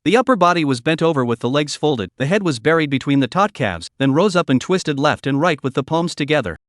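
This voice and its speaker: A man narrates a comic story recap, reading the script in an even way. His voice sits a little high, and the sound is dry and close with no room around it. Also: a little fast, no echo.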